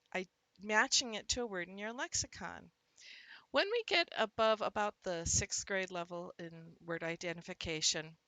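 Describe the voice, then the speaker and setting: A woman teaching fellow teachers about word stress, showing it by punching out syllables and calling the examples out loudly. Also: mid-range voice, dry recording, low-quality recording. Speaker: literacy teacher. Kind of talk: instructional talk to teachers.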